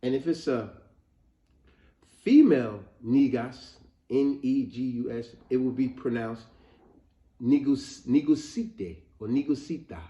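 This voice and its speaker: Male host, casual storytelling lesson, mellow tone, echoey muffled room sound. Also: mid-range voice, slow pace. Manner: animated storytelling, addresses viewers as family. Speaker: educational video host. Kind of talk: casual spoken history lesson. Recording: roomy, slightly muffled home recording.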